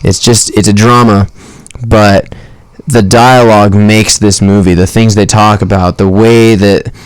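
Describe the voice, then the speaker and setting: A young man co-hosting a podcast, talking about films in an animated, rambling way with lots of restarts. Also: lowish voice, a little slow, clear, resonant tone, no room sound. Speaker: podcast co-host. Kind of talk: casual movie chat.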